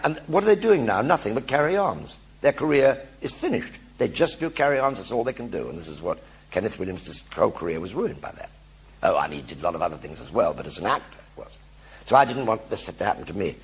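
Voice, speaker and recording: An older man telling anecdotes in a one-man stage show before an audience, animated and acting out the voices of everyone in his stories. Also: on the low side, quick pace, husky. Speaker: stage performer.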